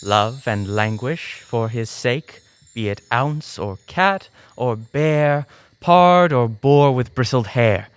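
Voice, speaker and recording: A man's voice: medium pitch, lively intonation, slow, smooth, no echo. An actor playing a male fairy king chanting a spell in a college stage play. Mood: commanding.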